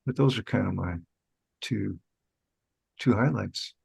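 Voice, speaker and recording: A man's voice: lowish voice, unhurried, vocal fry, darkish tone, slightly rough, no room sound, low-quality recording. A man chatting casually about his growing, laid-back and rambling with fillers. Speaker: home cannabis grower guest. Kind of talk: casual group chat.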